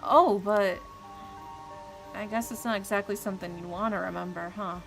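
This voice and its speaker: A woman's voice: mid-range voice, steady tone, normal speed, vocal fry, fairly bright tone, soft background music, rough recording. A woman voicing a caring, encouraging young woman in a game.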